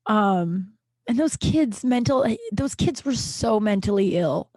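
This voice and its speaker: A woman in her late thirties from Colorado hosting a podcast, talking in a halting, tearful, emotional monologue full of restarts and swearing. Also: medium pitch, lively intonation, darkish tone, no room sound. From Colorado, USA. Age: late 30s. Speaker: podcast host.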